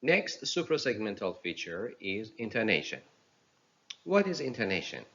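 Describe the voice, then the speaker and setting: A man teaching a recorded pronunciation lesson, explaining slowly and deliberately and acting out example lines with exaggerated intonation. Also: on the low side, very animated, fairly bright tone, muffled recording.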